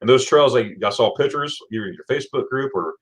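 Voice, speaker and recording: A man's voice: mid-range voice, lively intonation, fast, breathy edge. A man hosting a casual livestream, chatting with a guest and reading viewer comments aloud, with frequent restarts. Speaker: livestream host.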